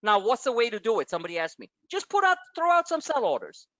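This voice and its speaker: A fast-talking man with a very high voice leads a live stock-trading webinar, animated and casual, swearing and drifting into meandering personal stories. The recording is dry and muffled.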